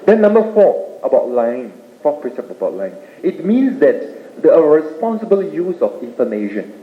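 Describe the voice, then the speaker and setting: A man giving a Buddhist Dharma talk, explaining points with rhetorical questions and tag-ending "eh?". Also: mid-range voice. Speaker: Buddhist speaker. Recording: tinny roomy old tape with faint hiss.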